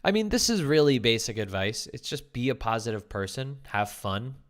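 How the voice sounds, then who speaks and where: A man's voice: mid-range voice, very animated, normal speed. A man hosting a podcast, reacting to video clips with blunt, dismissive commentary and frequent swearing.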